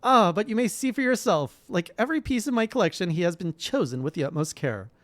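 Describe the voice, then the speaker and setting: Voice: mid-range voice, animated, quick pace, a bit bright, dry recording, pitched above the performer's own voice, natural voice. Lady Dorilda, a streamer doing an imperious noblewoman. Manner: cold, commanding, disdainful. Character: haughty noblewoman collector, imperious. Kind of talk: reading game dialogue aloud.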